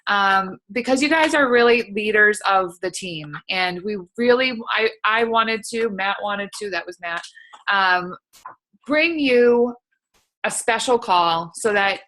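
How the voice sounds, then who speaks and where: Bright-voiced woman team leader. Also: mid-range voice, lively intonation, poor audio. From Massachusetts. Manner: halting, many fillers and restarts. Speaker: team leader hosting a call. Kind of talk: conference call introduction.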